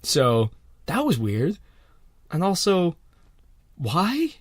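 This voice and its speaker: Lively, swearing podcast co-host man. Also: drawn-out words, no echo, studio quality. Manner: lively, swearing, rising pitch when exasperated. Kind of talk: casual chat.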